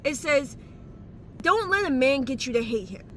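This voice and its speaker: High bright-voiced woman with a slight lisp. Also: animated, normal speed, a little hiss or hum. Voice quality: slight lisp from dental aligners. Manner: heated, exclamatory, swears freely. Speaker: vlogger giving life advice. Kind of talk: casual ranting monologue.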